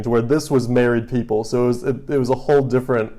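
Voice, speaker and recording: Male co-host, warm dark tone, relaxed, joking delivery. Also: medium pitch, fast. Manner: laid-back, joking, filler-heavy. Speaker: podcast co-host. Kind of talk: casual movie chat.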